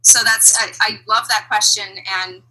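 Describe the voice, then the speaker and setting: Bright husky woman guest. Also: mid-range voice, moderate pace, rough recording. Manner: animated, reflective, laughs often. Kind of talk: conversational interview.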